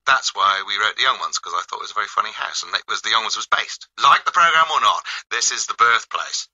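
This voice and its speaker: A man's voice: on the low side, animated, fast talker, sharp tone, muffled recording. An English man in his fifties, a comedian guest bantering in a radio studio interview with a theatrical, mischievous, rambling delivery. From England. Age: 50s.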